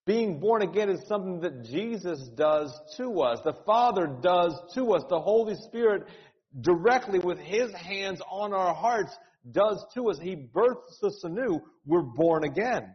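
A man's voice: high-pitched, expressive, unhurried. A male pastor preaching an earnest, urgent sermon, often repeating words and rising into cries. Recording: dull sound with long hall reverb.

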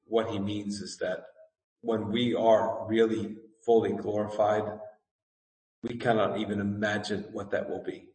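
A male pastor delivers a sermon in a large sanctuary, his voice ringing with long reverb as though caught by a microphone well across the room. He reads scripture with rising fervor and then slows into an earnest, deliberate teaching tone, circling back over his own words for emphasis. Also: lowish voice, level tone, darkish tone. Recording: echoey hall, distant mic.

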